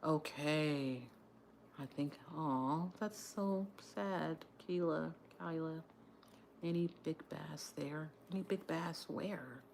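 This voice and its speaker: A woman chatting casually on her livestream, telling a story while doing her hair, with an animated, lively delivery. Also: slow pace, gravelly, a little hiss or hum. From Texas area. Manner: animated storyteller, shifts to high voice when quoting shouts. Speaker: livestream host.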